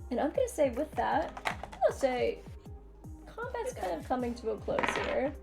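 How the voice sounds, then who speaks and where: A woman's voice: high voice, sing-song, normal speed, vocal fry. A young woman running a tabletop game as game master, casual and loose, with many fillers. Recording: faint music behind.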